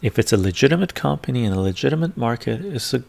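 Male host, very gravelly, mid pitch, casual and muttery, thinking aloud. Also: lively intonation, fast talker, darkish tone. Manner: thinking aloud, muttering while searching charts. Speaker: finance video host. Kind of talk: casual screen-share commentary. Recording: ASMR-style close mic.

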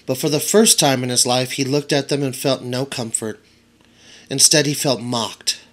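A man's voice: mid-range voice, fairly even intonation, moderate pace. A man, a teacher, narrating a children's audiobook aloud for his students.

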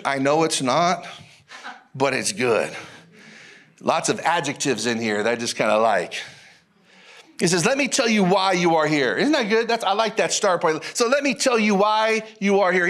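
A male pastor preaching a sermon in an animated, folksy way, repeating phrases and calling out to the congregation. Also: sits high. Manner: animated, repetitive, folksy preaching with audience call-outs.

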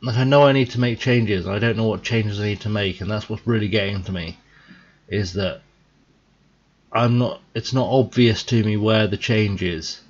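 A tired young man thinking out loud in a rambling, casual commentary as he plays a game. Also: fairly low pitch, fairly even intonation, moderate pace, slightly rough, highs cut off. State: tired, yawning. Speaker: gaming video host. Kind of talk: casual let's-play commentary.

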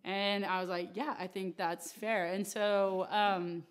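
A woman leading a casual church Bible class, chatty and playful, acting out quick voices with laughs. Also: mid-range voice, flat delivery. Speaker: Bible study teacher.

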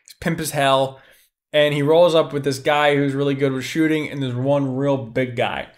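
An excitable young man chatting casually as a podcast host, his voice on the high side. He talks in an animated, loose way, with plenty of swearing. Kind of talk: excited casual book talk.

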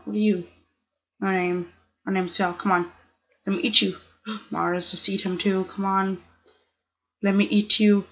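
A young woman talks slowly through her gameplay, chatting to the other players and squealing protests. Her voice comes through a dull, lo-fi home recording. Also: medium pitch, fairly bright tone. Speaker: gaming channel host. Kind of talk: casual gameplay commentary.

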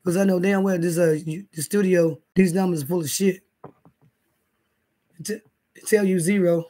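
A man's voice: high-pitched, steady tone, normal speed, dark tone. A man hosting a casual livestream from his bed, rambling and swearing as he talks to viewers in the chat. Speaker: livestream host. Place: indoors, in bed.

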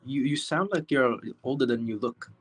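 A man's voice: mid-range voice, moderate pace, slightly rough, no echo. A man raised in the US, chatting on a video call and telling absurd jokes with a straight face. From USA. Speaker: video chat stranger. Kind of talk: casual joking chat.

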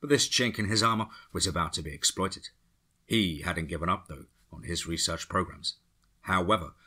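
Man, deep voice, forceful, husky, podcast story narrator.

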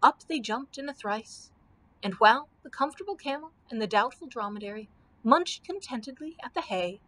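A woman librarian reads a children's chapter book aloud at a steady pace. Her voice sits slightly high, and she corrects the occasional slip as she goes. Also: slight background noise. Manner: steady reading with small slips. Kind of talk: storybook read-aloud.

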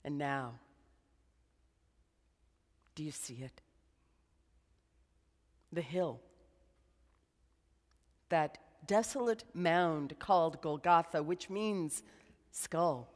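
A woman preaching a sermon as a slow, dramatic guided meditation, dropping to a hush at times. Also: deep voice, lively intonation, in a large hall. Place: church.

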